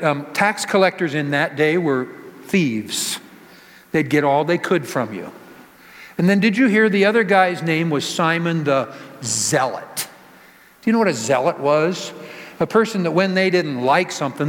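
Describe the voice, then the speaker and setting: A man's voice: fairly high pitch, animated, normal speed. A male pastor giving a conversational sermon, asking the congregation rhetorical questions and joking with them. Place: church sanctuary. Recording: long reverb of a church hall.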